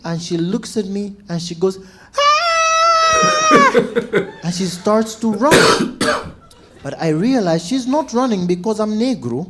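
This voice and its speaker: A man, a stand-up comedian telling stories to a crowd and acting out shouts and quoted voices. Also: high-pitched, unhurried, very noisy. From Zambia. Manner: animated, acts out shouts and quotes. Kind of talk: stand-up storytelling.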